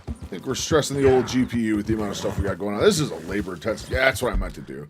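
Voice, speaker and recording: A man's voice: lowish voice, expressive, rapid-fire, noisy background. A man casually chatting while he live-streams a video game, loose and profane, breaking into yelps and laughter.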